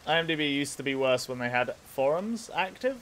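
A man's voice: on the high side, expressive, fairly quick, background noise. Nasal young man streaming a game. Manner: chatty, swears freely, rambles while gaming. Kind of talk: casual let's play commentary with chat.

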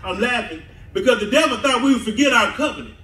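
Speaking fast in an extremely high, slightly bright voice with lively intonation, a male pastor from the southern United States preaches in a church sanctuary. Frequent laughter and call-and-response from the congregation fill the echoey hall, recorded from a distance.

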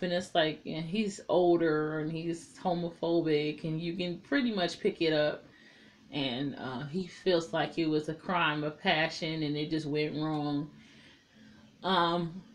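A woman's voice: fairly low pitch, measured pace, a little hiss or hum. Candid, profane woman reviewing a show. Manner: candid and profane, paraphrases scenes with quoted lines. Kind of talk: casual spoken review.

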